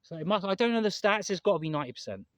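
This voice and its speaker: A man with an English accent talks fast and bluntly, circling back and repeating his points. His voice is dry and close, with no room around it. He sounds like someone vlogging on his own in a park. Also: high voice, sing-song, no echo. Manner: rambling, emphatic, repeats himself, swears. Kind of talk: candid vlog monologue. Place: outdoors in a park.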